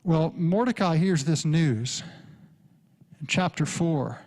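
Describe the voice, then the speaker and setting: A pastor who preaches a sermon and retells the story in lively fashion, acting out the characters. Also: male voice, fairly high pitch, slow pace. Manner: animated storytelling, acts out characters.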